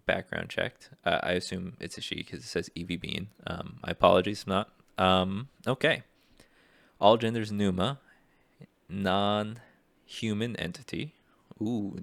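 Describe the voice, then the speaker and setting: A man's voice: sits low, measured pace, creaky, a bit bright, no echo. A young man rambling hesitantly and self-deprecatingly as he browses voice acting jobs in a casual vlog. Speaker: aspiring voice actor. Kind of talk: casual screen-share vlog.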